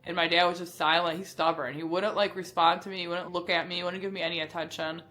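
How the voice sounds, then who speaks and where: A woman's voice: fairly low pitch, quick pace. Candid woman telling her story. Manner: animated, acts out quoted voices, candid. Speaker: vlogger. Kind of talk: personal storytelling vlog.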